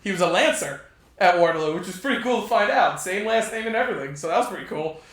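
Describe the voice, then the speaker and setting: A young man, a podcast guest, joking and animated in casual chat. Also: sits high, fast talker, far from the mic. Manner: animated, jokey. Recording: echoey room.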